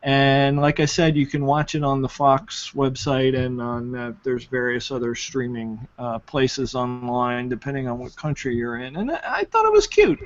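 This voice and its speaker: A man's voice: mid-range voice, little pitch movement, a little slow, few pauses. A man chatting casually on a panel, laughing often and trailing off with fillers. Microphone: video call. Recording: lo-fi online call audio.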